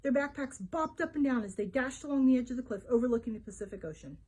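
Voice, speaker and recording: A woman's voice: high voice, fast talker, slightly rough. A woman librarian reading a children's adventure book aloud, telling it expressively. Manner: expressive storytelling. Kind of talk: storybook read-aloud for children.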